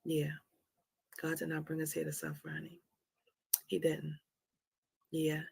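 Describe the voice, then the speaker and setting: A woman hosting a motivational livestream, speaking softly and slowly with a Southern American touch, often dropping to a whisper. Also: low voice, big pitch swings, creaky, slightly rough, no room sound. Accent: American, Southern country touch. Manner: soft, slow and prayerful, often dropping to a whisper. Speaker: livestream host.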